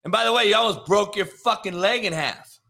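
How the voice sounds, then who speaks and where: A man giving a heated, profane sports rant, repeating himself and now and then breaking into shouts. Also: high voice, fairly quick, creaky. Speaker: sports commentator.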